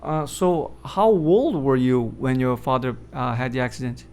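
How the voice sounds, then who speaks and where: A man's voice: mid-range voice, lively intonation, moderate pace, darkish tone, smooth. A man hosting an interview who asks friendly questions with frequent fillers. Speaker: podcast interviewer.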